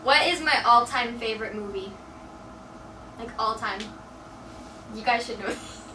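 A young woman in a casual quiz with her friend, playful, with quick joking asides. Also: a little high. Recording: echoey room, mic at a distance, noisy.

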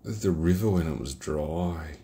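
A man's voice: very deep voice, unhurried, mellow, slight background noise. A middle-aged Australian man reviewing beer in a casual vlog, rambling and reflective and swearing freely. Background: geckos and night ambience.

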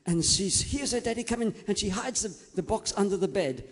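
A man telling a story to a group of children in a large hall, gentle and coaxing, often checking that they are listening. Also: sits high, animated, fairly quick.

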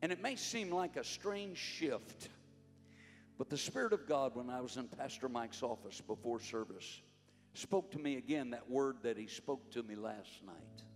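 Older man preaching with lively pitch. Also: normal speed. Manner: fervent, rising to shouts then dropping low. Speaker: conference preacher. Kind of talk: sermon. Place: church sanctuary. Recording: long hall reverb, faint music behind.

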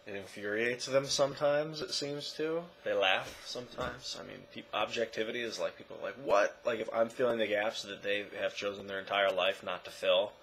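A man talking casually to his camera in a rambling way, correcting himself and often trailing off quietly. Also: fairly low pitch, steady tone, a little fast, few pauses, a little hiss or hum, rough recording. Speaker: vlogger. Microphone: camera mic.

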